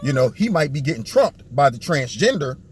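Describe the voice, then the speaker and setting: Man, sarcastic vlog commentary, mocking tone, slightly higher voice, faint background hiss. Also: sing-song, a little fast. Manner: mocking, acts out what others think in a low put-on voice. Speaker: political commentary vlogger.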